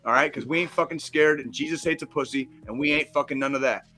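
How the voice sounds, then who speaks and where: A man's voice: fairly high pitch, fast, sharp tone. A man co-hosting a podcast in casual chat, talking in a brash, profane, emphatic way. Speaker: podcast co-host.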